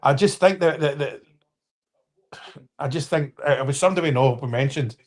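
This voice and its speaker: A man's voice: on the high side, brisk, darkish tone. Rambling man in his fifties. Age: 50s. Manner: rambling, frequent restarts and apologies, addresses viewers by name. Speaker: live-stream host. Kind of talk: casual football chat.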